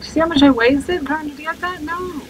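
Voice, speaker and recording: A woman's voice: high-pitched, moderate pace, noisy background. A woman streaming a game live and chatting to her viewers, self-mocking and full of exclamations. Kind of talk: live gameplay commentary.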